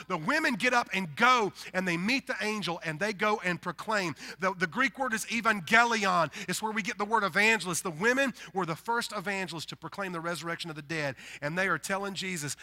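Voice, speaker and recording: A man from the Deep South with a Southern accent, preaching a sermon in an animated, emphatic way, swinging between loud bursts and quiet stretches. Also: a little fast, hardly any pauses. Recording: long hall reverb.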